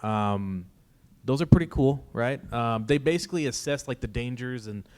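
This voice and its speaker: A man's voice: medium pitch, moderate pace, a little mellow, clean tone. Friendly rambling man on a church panel. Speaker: third grade teacher on a church panel. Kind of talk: casual panel chat.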